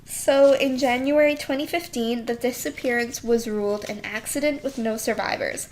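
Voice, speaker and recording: Higher pitched woman cohost chatting casually, reacts a lot, expressive. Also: moderate pace, a little hiss or hum, low-quality recording. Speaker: podcast co-host. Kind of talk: casual chat.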